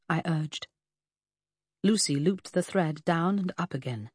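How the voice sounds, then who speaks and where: A woman narrating an audiobook in the first person, measured and composed. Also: lowish voice, a little mellow, slightly rough, no room sound, studio quality.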